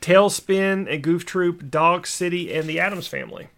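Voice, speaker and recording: A man's voice: high-pitched, expressive, moderate pace, gravelly, fairly bright tone. A man co-hosting a casual podcast, rattling off show titles and laughing easily. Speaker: podcast co-host. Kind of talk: casual chat.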